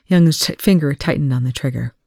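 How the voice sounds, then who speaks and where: A reader narrates a fiction chapter aloud to proofread it, in a steady, plain way. The voice is at a middle pitch and sits close to a home mic. The room is dry and dead. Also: fairly quick, creaky, no echo.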